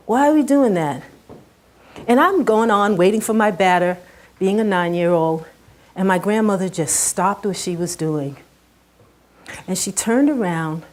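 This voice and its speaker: A middle-aged woman giving a heartfelt personal talk on stage to a live audience, her voice rising and dropping with emotion. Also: on the low side. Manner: earnest and heartfelt, rises and drops sharply with emotion.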